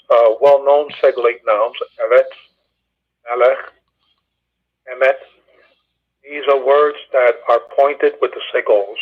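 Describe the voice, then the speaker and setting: Husky man teaching over a tinny phone line. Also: medium pitch. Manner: methodical, patient explaining with frequent "uh" fillers. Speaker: Bible study teacher. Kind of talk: Hebrew grammar lesson over a phone call.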